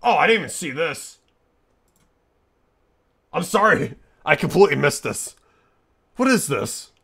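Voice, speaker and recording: A man's voice: on the high side, very animated, a little slow, vocal fry, fairly bright tone, slightly rough, heavily acted. A man voicing a hot-headed male echidna brawler during a game stream, sounding exasperated and strained. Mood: baffled. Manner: exasperated, keeps exclaiming. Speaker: streamer playing a game in character.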